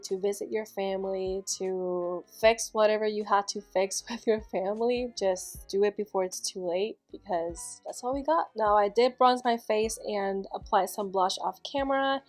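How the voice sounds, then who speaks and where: A young woman chatting casually through a makeup tutorial, gushing and warm about family, with soft laughs. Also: medium pitch. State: emotional, near tears. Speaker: beauty vlogger.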